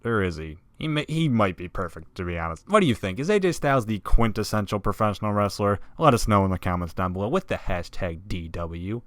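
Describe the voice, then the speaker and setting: A slightly low-voiced man narrates a wrestling countdown in a sarcastic, profane style that keeps leaping into loud emphasis. His voice is recorded close and dry, with no room sound around it. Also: lively intonation, a little fast, few pauses, no echo. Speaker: wrestling list video host. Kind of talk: scripted commentary narration.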